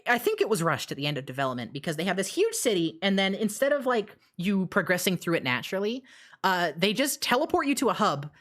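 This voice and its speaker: A woman streaming live and chatting casually while reading chat, rambling and blunt. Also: mid-range voice. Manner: rambling, many fillers and restarts, blunt.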